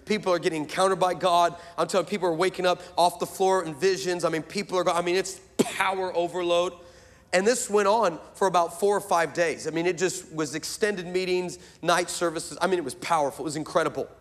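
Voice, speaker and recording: High-voiced man preaching in a reverberant hall. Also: fairly even intonation, brisk. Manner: emphatic, joking storyteller. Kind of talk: sermon with storytelling.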